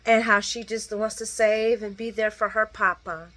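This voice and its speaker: A woman's voice: little pitch movement, normal speed, fairly bright tone. A woman recapping a soap opera in casual late-night chat, blunt and sassy, talking straight to her viewers and acting out characters' lines. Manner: sassy, blunt, talks to viewers as "girl" and "guys"; acts out characters' lines with big pitch jumps.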